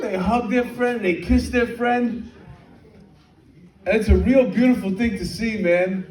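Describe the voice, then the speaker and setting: A man's voice: high voice, a little slow. A man in his fifties doing a brash, streetwise stand-up comedy set, peppering his lines with "man". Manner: brash, streetwise, lots of "man" and shouted impressions. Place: comedy venue with live audience. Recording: echoey room, mic heard from far, crowd laughter.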